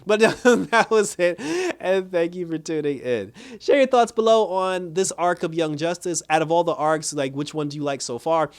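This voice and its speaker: A man recapping and reviewing a TV episode in an animated, casual way, laughing often and retelling scenes in the characters' words. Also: fairly high pitch, normal speed, few pauses, clean tone. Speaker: TV show reviewer.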